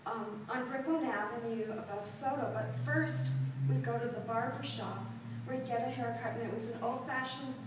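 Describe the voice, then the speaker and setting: A woman's voice: fairly high pitch, heavy background noise. Older woman telling stories in an echoey hall. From Los Angeles. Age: 60s. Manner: halting, with frequent ums and laughter. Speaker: performance artist. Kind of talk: autobiographical storytelling performance. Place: gallery room before an audience. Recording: very echoey room, distant mic.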